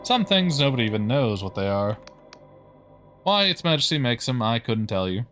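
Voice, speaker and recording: A man voicing a gruff, chatty working-class graveyard keeper in a game, folksy and full of slang. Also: mid-range voice, sing-song, moderate pace, a bit bright, soft background music.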